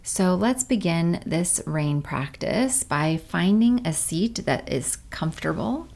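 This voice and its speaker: Slow, gravelly-voiced woman guiding meditation. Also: fairly low pitch. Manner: calm, gentle, unhurried. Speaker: meditation guide. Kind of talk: guided meditation.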